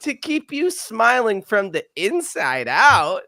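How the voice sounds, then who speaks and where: A carefree little boy at the beach, put on by a man, reading ad copy in a bubbly, sing-song way. The voice jumps high and bounces all over the place. The sound is close and dry. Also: huge pitch swings, slow pace, creaky, sharp tone, no echo, heavily acted.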